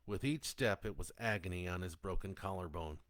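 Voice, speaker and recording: A man reading a horror audiobook in a steady, descriptive way. His voice is very low and deep, recorded close and dry with no room sound. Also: a little fast, dry recording. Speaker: audiobook narrator. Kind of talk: scripted horror narration.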